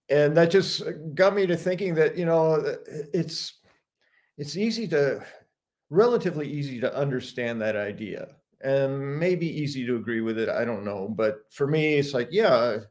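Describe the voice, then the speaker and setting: A man's voice: mid-range voice, a little mellow. A man telling stories and sharing his thoughts in a casual live chat, laughing often. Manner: reflective storyteller, laughs often.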